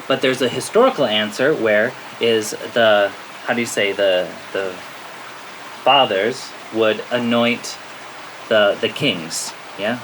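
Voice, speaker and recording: An American man, a spiritual teacher, telling a story to his listeners in a lively way, often checking in with "okay?" and laughing at himself. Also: medium pitch. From United States. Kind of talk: storytelling talk to a spiritual audience. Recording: steady rain-like background noise.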